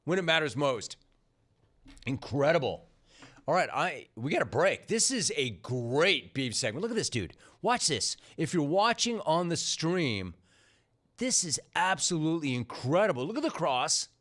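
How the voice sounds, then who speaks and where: A man's voice: fairly high pitch, sing-song, a little slow, a bit bright. A man hosting a sports talk radio show, riffing and emphatic, on a studio microphone.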